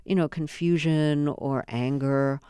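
Very clear, measured interview host. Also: mid-range voice, fairly even intonation, mellow, dry recording, studio quality. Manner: measured, careful phrasing with fillers. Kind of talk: prepared interview questions.

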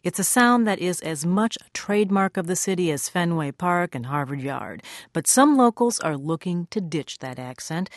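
A woman hosting a radio news program, introducing a guest and interviewing him in a measured broadcast delivery. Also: on the low side, expressive, no echo, clean studio sound.

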